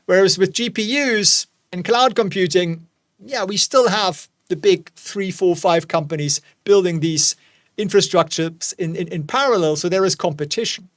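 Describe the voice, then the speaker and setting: A man's voice: sits high, normal speed, fairly bright tone, no room sound, studio quality. A man in his forties hosting a casual investing commentary, chatty with jokey asides. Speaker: host.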